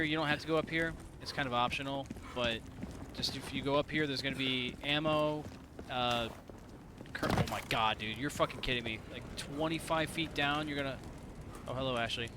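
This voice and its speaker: A man's voice: mid-range voice, fairly even intonation, fairly quick, background noise. A man from Indiana giving casual, profane, rambling let's-play commentary to his viewers. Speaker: gaming streamer.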